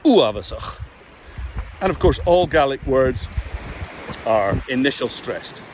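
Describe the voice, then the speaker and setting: Lively man coaching pronunciation. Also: mid-range voice, a little hiss or hum. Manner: animated, drawn-out demonstrations of vowel sounds. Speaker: Gaelic speech coach. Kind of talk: pronunciation lesson to camera.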